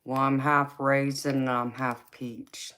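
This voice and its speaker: Southern lady on a tarot livestream, low voice, takes her time, laughs a lot, calls ppl baby. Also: level tone, takes it slowly, fairly bright tone. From Los Angeles, USA. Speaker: tarot reader hosting a live chat. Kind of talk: casual livestream chat.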